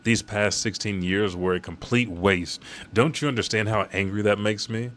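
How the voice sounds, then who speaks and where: A man reading the lines of a cold, composed young princess in his own low voice. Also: moderate pace, a bit bright, a little hiss or hum, natural voice.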